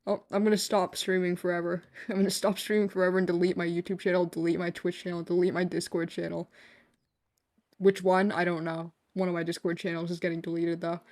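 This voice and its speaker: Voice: medium pitch, little pitch movement, a little fast, darkish tone. A streamer chatting casually during a late-night live game stream, joking, rambling and laughing often.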